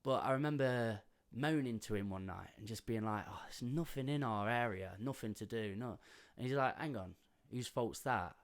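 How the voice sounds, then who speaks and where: A man's voice: medium pitch, moderate pace, hardly any pauses, clear, resonant tone. A man hosting a podcast in casual chat, talking freely with British slang and frequent laughter. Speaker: podcast host.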